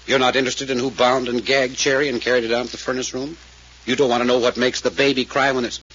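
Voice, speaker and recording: An actor playing a brisk, determined male detective pressing a witness with questions, in 1940s radio acting. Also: mid-range voice, flat delivery, a bit bright, lightly acted. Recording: dull lo-fi old radio recording.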